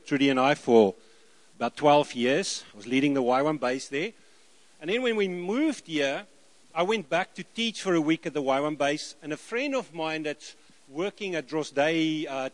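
A middle-aged South African man preaching, telling lively stories and acting out the dialogue. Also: a little high, moderate pace. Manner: lively anecdotal, acts out dialogue, chuckles. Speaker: missionary preacher. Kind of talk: sermon storytelling.

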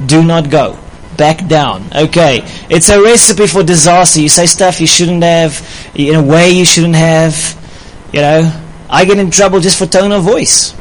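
A man's voice: fairly high pitch, measured pace, a little hiss or hum, low-quality recording. A man preaching about marriage in a light, playful way, often laughing with his audience. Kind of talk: sermon on marriage.

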